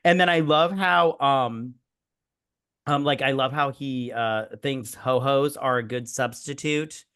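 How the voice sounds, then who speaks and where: A man's voice: mid-range voice, slow pace, fairly bright tone, clean tone. A man co-hosting a casual movie review chat, rambling and enthusiastic, full of fillers and quoted lines. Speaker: podcast co-host.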